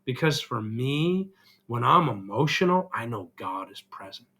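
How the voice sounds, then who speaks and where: A man's voice: mid-range voice, big pitch swings, unhurried, sharp tone, husky. A middle-aged man vlogging an earnest, emotional personal reflection, still getting over an illness. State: recovering from illness, congested.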